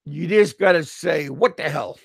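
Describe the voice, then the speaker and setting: Speaking at a moderate pace, this middle-aged expat vlogger from the US has a gravelly, husky voice on the high side. His humorous monologue wanders, full of stammers, repeated words and frequent chuckles, all captured in a dry recording.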